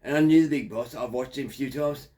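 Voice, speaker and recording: A man's voice: mid-range voice, quick pace, warm tone. A man in his fifties with an Australian accent, telling a crude, digressive story in a rambling monologue. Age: 50s. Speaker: factory worker.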